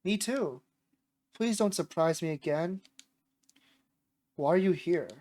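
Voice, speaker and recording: A man with a sore voice voicing a chatty, excitable young woman while reading a visual novel aloud. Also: sits high, takes it slowly. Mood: eager.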